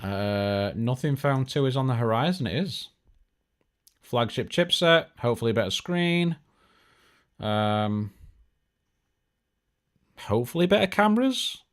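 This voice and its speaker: A man's voice: mid-range voice, expressive, a little slow, pauses often. Male tech streamer, chatty and jokey, mid-range voice, loose unscripted delivery. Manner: chatty, joking, lots of fillers and restarts. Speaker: tech show host. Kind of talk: casual live-stream chat.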